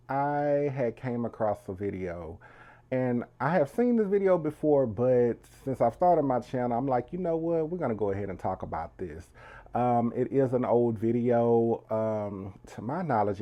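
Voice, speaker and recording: A man's voice: fairly low pitch, dark tone. A man hosting his own channel, talking to viewers in a chatty, casual way. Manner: chatty, keeps calling viewers "y'all". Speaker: host. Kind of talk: casual video commentary.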